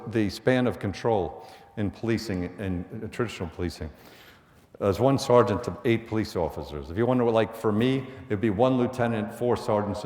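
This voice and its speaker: A man's voice: mid-range voice, a little mellow. A middle-aged man from the Bronx with a New York accent, telling a blunt, conversational story to students as a police lieutenant and acting out the orders he gave. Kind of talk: storytelling talk to an audience. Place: school hall. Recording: echoey hall, from a distance.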